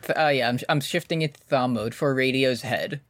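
A man co-hosting a podcast, chatting casually with jokey asides. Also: mid-range voice. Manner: jokey, animated, quick asides. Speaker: podcast co-host. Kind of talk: casual chat.

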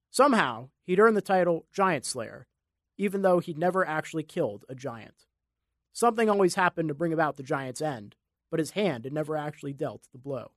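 A male audiobook narrator reads an action story as scripted narration, measured and dramatic. His voice is a little high for a man. The recording is dry and close, with no room sound and no echo.

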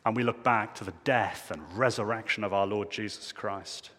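A male pastor preaching a sermon in a church, emphatic, swinging between loud declarations and hushed low phrases. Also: normal speed, in a large hall.

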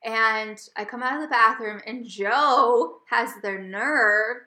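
A woman co-hosting a casual podcast, her voice bright and a little high. She tells an animated story and laughs often. The room sounds echoey. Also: takes it slowly. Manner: animated, laughing often, gets loud when retelling. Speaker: podcast co-host.

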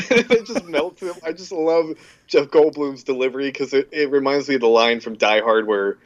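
A man with a mid-pitched voice co-hosts a casual podcast and retells his favorite film scenes, laughing along. He sounds relaxed, and the recording is dull and lo-fi. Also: moderate pace. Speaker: podcast co-host. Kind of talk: casual chat.

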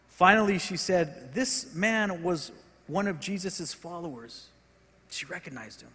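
A man's voice: high voice, slow, long pauses, breathy edge. Earnest preacher man in a reverberant hall. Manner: earnest preaching, rising in intensity and dropping to soft, repeated words. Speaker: pastor. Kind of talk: sermon. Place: church sanctuary.

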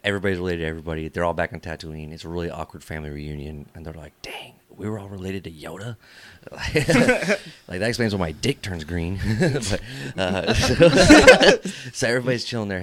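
A man's voice: low voice, pushed and bright. A man from California co-hosting a podcast, telling crude rambling stories and laughing often. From California, USA. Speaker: podcast co-host. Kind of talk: casual chat.

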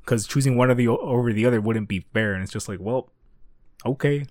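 A man's voice: medium pitch, brisk, a little mellow, dry recording, studio quality. A man chatting casually about an anime episode, checking his notes and laughing along. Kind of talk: casual anime recap chat.

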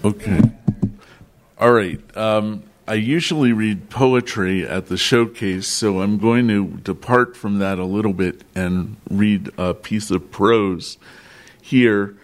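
A man's voice: fairly low pitch, takes it slowly. A man from Washington, D.C., an author introducing and reading from his novel with a dry humor. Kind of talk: prose reading at a showcase.

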